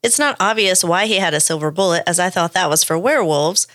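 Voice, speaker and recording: A woman's voice: lowish voice, fast talker, fairly bright tone, no echo, clean studio sound. A woman co-hosting a podcast, reading a story aloud with playful asides. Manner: reads the script with playful asides. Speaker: podcast co-host.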